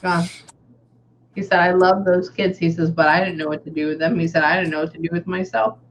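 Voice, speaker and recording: A woman with a Texan accent, a medium in a casual reading session, chatting and relaying messages, often pausing to say "hang on". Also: lowish voice, fairly even intonation. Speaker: psychic medium. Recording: slightly dull audio with faint background noise.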